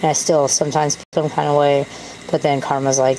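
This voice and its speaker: A woman's voice: deep voice, flat delivery, a little fast, dark tone, slight background noise, low-quality recording. A woman talking to camera in a candid, self-deprecating, rambling way. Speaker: vlogger. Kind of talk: casual rambling monologue.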